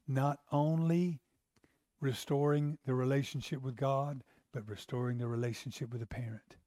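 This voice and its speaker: A man's voice: medium pitch, steady tone, normal speed, dark tone, no room sound. Emphatic male pastor in a dry room. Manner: emphatic, exclamatory, conversational. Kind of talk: sermon.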